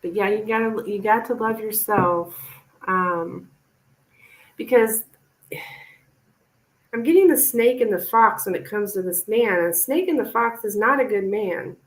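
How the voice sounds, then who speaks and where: A woman's voice: medium pitch, a little slow, pauses often, rough recording. A woman tarot reader giving a chatty, reassuring live-stream reading to a viewer.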